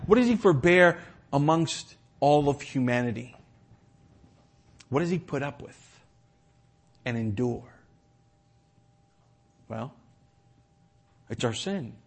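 Husky-voiced man preaching with rising fervor. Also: a little high, unhurried, pauses often. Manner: impassioned, repeats words, swings from loud emphasis to quiet. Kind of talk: sermon. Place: church.

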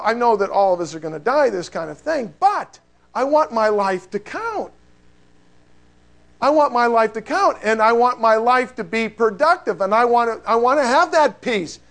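High-voiced animated male preacher. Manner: animated, conversational preaching with rhetorical questions. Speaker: pastor. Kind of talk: sermon.

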